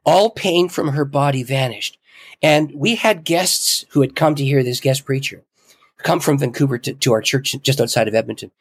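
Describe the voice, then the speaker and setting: A middle-aged man, a podcast guest, telling a story in an animated way with frequent chuckles. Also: mid-range voice, normal speed, breathy edge, no room sound. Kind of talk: casual storytelling in an interview.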